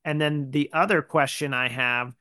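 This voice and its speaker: A male podcast host chats easily, his voice smooth and resonant. The sound is dry and close, with no room around it. He talks in a loose, conversational way. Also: mid-range voice, moderate pace, no room sound. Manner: relaxed, conversational, with frequent fillers. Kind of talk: casual podcast chat.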